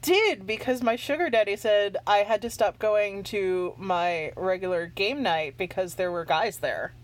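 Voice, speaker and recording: A woman's voice: mid-range voice, measured pace, poor audio. Rambling, laughing woman telling stories. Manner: rambling storyteller, laughs often. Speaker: co-host guest. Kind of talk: casual chat while playing a mobile game.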